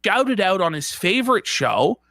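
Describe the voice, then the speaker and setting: A man's voice: high-pitched, very animated, moderate pace, pushed and bright, no room sound, clean studio sound. A man reading out posts and mocking them in sarcastic, profane commentary. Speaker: co-host.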